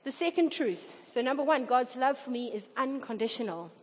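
High-voiced woman preaching a sermon. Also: expressive, moderate pace, husky. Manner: earnest, acts out quoted voices. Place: church hall. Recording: dull reverberant hall recording.

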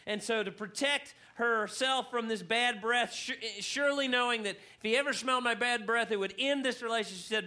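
A man preaching a sermon to a church congregation, telling a funny story in an animated way and getting louder for emphasis. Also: very high voice, brisk, hardly any pauses. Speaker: pastor. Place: church hall.

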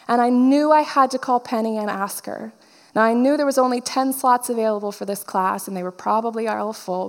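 Woman preaching in an echoing hall. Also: on the high side. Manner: storytelling, acting out quoted dialogue. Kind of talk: personal testimony sermon.

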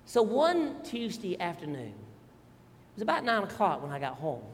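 A middle-aged male pastor, telling family stories in an animated, folksy sermon with asides to the congregation. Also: sits high, unhurried, long reverb tail, a little hiss or hum. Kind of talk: storytelling sermon.

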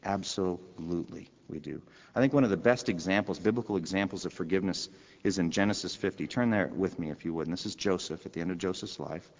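A man's voice: deep voice, fast, darkish tone. Man preaching a sermon, conversational, rhetorical questions, long hall reverb, muffled lo-fi sound. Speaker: pastor.

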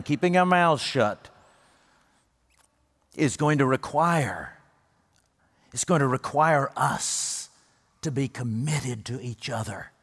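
A man preaching a sermon as pastor, earnest and emphatic, slowing down and lifting his voice for the words he quotes. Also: a little high, in a large hall.

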